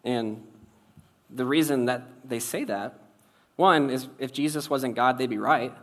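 A man's voice: mid-range voice, measured pace. Man preaching a casual sermon. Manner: conversational, wry, shifts loud and soft for emphasis. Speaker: pastor.

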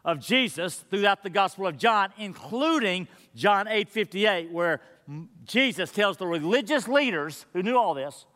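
High, bright-voiced preaching pastor. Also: male voice, animated, a little slow. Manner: earnest, emphatic preaching with teaching asides. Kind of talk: sermon. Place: church sanctuary. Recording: long church-hall reverb.

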